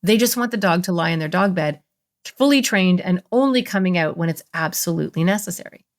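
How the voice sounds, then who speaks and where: A woman therapist, a guest on a podcast, explaining ideas in an animated way and acting out inner voices with playful jumps in pitch. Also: a little fast. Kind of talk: conversational podcast interview.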